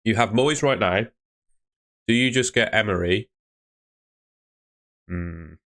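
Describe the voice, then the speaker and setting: Brief: man, somewhat low voice, easygoing live stream host, chatty, answering viewer questions. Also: slow, fairly bright tone. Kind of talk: casual live stream chat.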